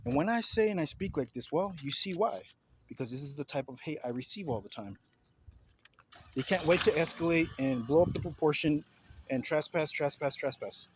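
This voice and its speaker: Brief: man, confrontational vlog rant, raised pitch, faint background noise. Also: lively intonation, normal speed, poor audio. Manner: heated, repetitive, confrontational. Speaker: vlogger. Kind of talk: ranting video commentary.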